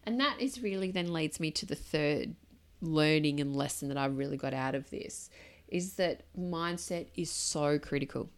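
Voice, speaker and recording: A woman's voice: sits low, smooth. A woman in her thirties hosting a solo podcast, talking candidly and reflectively in a loose, conversational way full of asides. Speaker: podcast host.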